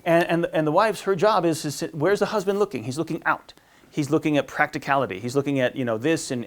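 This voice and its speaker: A man giving a marriage class as a priest, talking informally with lots of fillers and restarts and acting out the voices he quotes. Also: fairly high pitch. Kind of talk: informal teaching talk.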